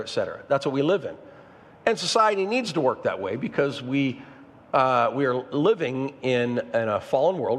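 Preaching pastor in a reverberant church. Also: male voice, a little high, fairly bright tone. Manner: preaching with call-and-response asides to the congregation. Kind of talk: sermon. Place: church sanctuary.

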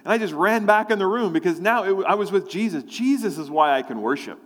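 A male preacher delivers a sermon through personal storytelling. His voice sits a touch higher than most men's, and a long reverb trails behind it. He slips into the voices of his own thoughts and prayers as he speaks. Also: animated, fairly quick.

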